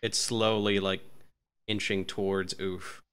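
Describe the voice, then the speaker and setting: Hesitant smooth-voiced game master. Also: male voice, lowish voice, level tone, slow pace, fairly bright tone. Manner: hesitant, full of fillers. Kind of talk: narrating a tabletop game.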